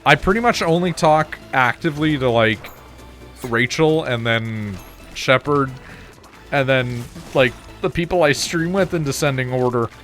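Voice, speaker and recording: A man talks through his game session in an easygoing, profane way, chatting with his viewers as he plays. His voice sits at a middling pitch. Soft music runs underneath. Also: unhurried. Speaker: streamer. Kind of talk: casual gameplay commentary.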